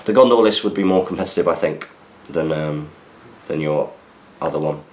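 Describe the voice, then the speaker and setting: A man's voice: extremely low pitch, moderate pace, darkish tone. A man hosting a podcast, chatting casually as he reads out listener messages and answers them with asides. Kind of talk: casual chat. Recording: roomy echo.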